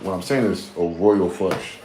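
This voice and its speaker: A solo streamer with a low voice talks a little slowly in a rambling, profane late-night monologue packed with repeated phrases and rhetorical questions. He speaks in casual slang, saying "y'all" and "bro." Crowd noise and passing vehicles are clearly audible in the background.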